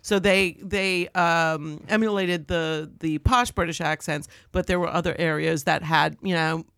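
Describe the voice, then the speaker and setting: A woman's voice: fairly low pitch, unhurried, smooth, no echo, clean studio sound. A woman from Maryland, a guest actress and comedian, chatting animatedly on a podcast. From Maryland, USA. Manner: chatty, animated storyteller who laughs often. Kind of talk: casual podcast chat.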